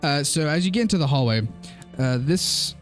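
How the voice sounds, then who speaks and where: A young man narrating a tabletop game as game master, relaxed and halting, with many fillers. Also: fairly high pitch, soft background music.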